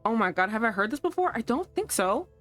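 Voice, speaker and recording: Young woman, game streamer, animated pitch, swears a lot, exasperated reactions, faint music behind. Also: quick pace. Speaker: streamer playing a romance visual novel. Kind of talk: casual live-stream commentary.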